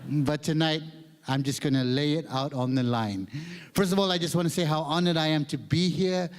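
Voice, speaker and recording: A man's voice: fairly high pitch, fairly even intonation, normal speed. A middle-aged Malaysian man with a Malaysian accent, telling a self-mocking stand-up story on stage and mimicking voices. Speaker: comedian, guest performer. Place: large hall on stage. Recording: long hall reverb.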